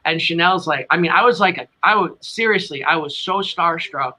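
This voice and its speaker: A man's voice: a little high, normal speed, bright, forceful tone, poor audio. A middle-aged man with a New England accent, a tribute band singer telling a long, rambling story as an interview guest.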